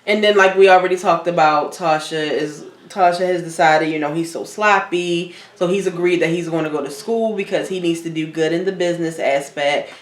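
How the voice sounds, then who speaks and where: Woman co-host, lower voice, blunt and fed up, loose recap chat in an echoey room. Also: fairly even intonation, a little fast, few pauses. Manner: blunt, exasperated, swears freely. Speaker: podcast co-host. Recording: roomy echo.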